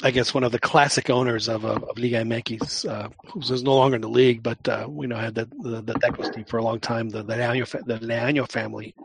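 Husky-voiced man hosting a casual podcast. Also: medium pitch, flat delivery, fast talker, few pauses. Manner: hesitant, many fillers, friendly. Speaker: podcast host. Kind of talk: casual chat.

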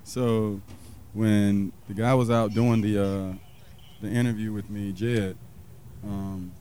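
Man from South Carolina, a pitmaster in a relaxed interview, warm dark tone and a low voice, rambling a bit. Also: takes it slowly, slight background noise. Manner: rambling, many fillers, acts out quoted people. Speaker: pitmaster and restaurant owner. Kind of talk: casual interview storytelling.

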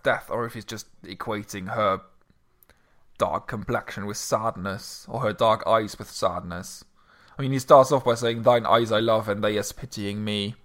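A man's voice: on the low side, fairly bright tone. A man co-hosting a podcast, chatting casually and thinking aloud with hesitant restarts. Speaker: podcast co-host. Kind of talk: casual chat.

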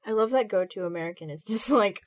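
A woman co-host in a casual podcast chat, adding soft asides and laughter. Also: mid-range voice, quick pace, no room sound.

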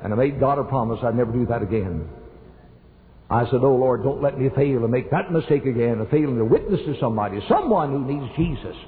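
An older man preaches, telling a personal story and pushing his voice up high for emphasis. The recording is thin and phone-like. A long reverb from the church hall trails behind each phrase. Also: expressive, brisk. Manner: storytelling, emphatic rises in pitch. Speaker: pastor. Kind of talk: sermon.

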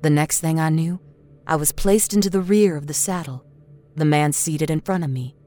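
A woman storyteller narrating a horror story in a steady, expressive reading. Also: sits low, normal speed. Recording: narration over a faint music score.

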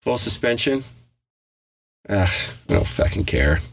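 A man's voice: medium pitch, very animated, a little slow, a little hiss or hum. A middle-aged man co-hosting a podcast in casual chat, blunt and profane, laughing often. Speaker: podcast co-host.

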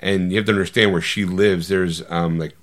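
A man co-hosting a podcast, casually retelling a movie plot in an animated, rambling way and slipping into quoted voices. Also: deep voice, a little fast. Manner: loose, rambling with fillers and restarts. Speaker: podcast co-host.

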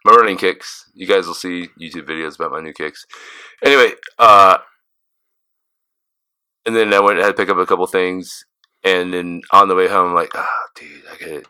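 Deep, easygoing man podcaster, dry sound. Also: fairly even intonation, normal speed, long pauses, bright, forceful tone, clear, resonant tone, no echo. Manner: laid-back, easygoing, affirming. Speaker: podcast co-host. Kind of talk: casual chat.

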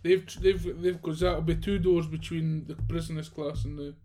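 A man's voice: a little high, fairly even intonation, normal speed, mellow. A Scottish man in casual chat, talking loosely with restarts and swearing.

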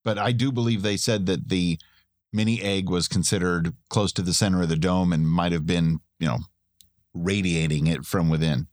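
Chatty man with a low, dry voice. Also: steady tone, moderate pace, darkish tone, dry recording. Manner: chatty, rambling, laughs often. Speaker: podcast co-host. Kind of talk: casual chat.

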